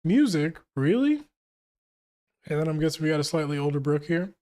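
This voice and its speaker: Young guy reading manga out loud and riffing on it, kinda high voice, laughs a lot. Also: little pitch movement, very fast. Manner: reads dialogue aloud, breaks off to joke and laugh. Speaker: manga reaction host. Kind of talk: casual manga reading and reaction.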